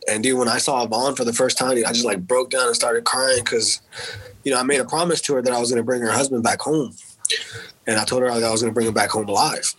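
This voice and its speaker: A man's voice: medium pitch, fairly even intonation, fast talker, fairly bright tone, husky, poor audio. A man and military veteran telling a personal story in a candid, casual way, swearing freely and dropping in words like "man" and "dude". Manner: candid and profane, with frequent fillers like "man" and "dude".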